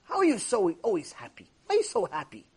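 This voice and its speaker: A man's voice: high voice, wildly swooping pitch, quick pace, darkish tone, slightly rough, exaggerated voice. A man voicing a puzzled male head rabbi of a city in a spoken story, questioning and slightly indignant.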